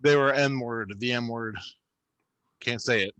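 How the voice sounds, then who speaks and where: A man casually retelling his spiritual experiences, animated and full of swearing. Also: mid-range voice, unhurried, clear, resonant tone. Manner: profane, animated, retells dialogue. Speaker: channel host recounting spiritual experiences. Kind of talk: casual storytelling conversation.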